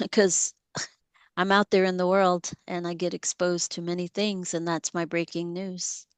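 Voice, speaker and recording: A woman hosting a poetry reading over a video call, reading her own poem and then chatting, sometimes halting to search for words. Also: fairly low pitch, little pitch movement, smooth, no room sound. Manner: halting, self-correcting when searching for a word.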